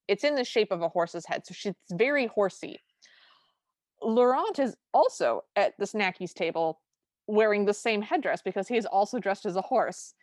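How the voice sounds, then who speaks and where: A woman's voice: medium pitch, lively intonation, moderate pace, no room sound. Brief: woman podcast co-host, enthusiastic casual recap, dry. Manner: chatty, enthusiastic, recounting scenes. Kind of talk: casual movie recap chat.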